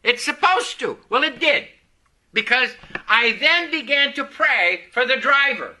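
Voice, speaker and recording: A male preacher with a fairly high, very bright voice and a slow, deliberate delivery. He moves from quiet prayer into storytelling, leaning harder on key words as he goes. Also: expressive. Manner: prays softly, then tells a story with rising emphasis. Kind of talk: sermon.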